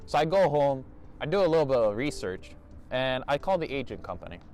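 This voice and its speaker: A man's voice: mid-range voice, a little fast, music in the background. A teenage boy telling a story to his channel in a chatty, exasperated way. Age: teens. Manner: animated, chatty, exasperated asides. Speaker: youtuber. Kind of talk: casual storytime vlog.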